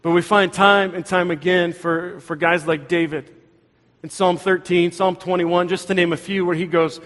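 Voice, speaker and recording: A man's voice: sits high, steady tone, normal speed, fairly bright tone, in a large hall. A man preaching a sermon as pastor, earnest and conversational, speaking in a church sanctuary.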